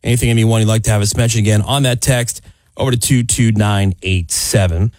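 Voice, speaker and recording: A man hosting a morning radio show, joking and animated, with quick asides. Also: lowish voice, no room sound, clean studio sound. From US mid-Atlantic. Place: radio studio. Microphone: studio microphone.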